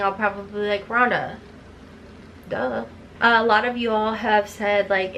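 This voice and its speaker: Woman, beauty vlogger, chatty and rambling, slightly high voice, makeup tutorial chat. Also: a bit bright, slight background noise, rough recording. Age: middle-aged. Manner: chatty and rambling, playful asides.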